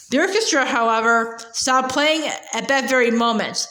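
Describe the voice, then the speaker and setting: A woman's voice: high-pitched, normal speed, hardly any pauses, sharp tone. A woman reading a storybook aloud, sometimes tripping over and repeating words. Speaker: audiobook reader. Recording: echoey room.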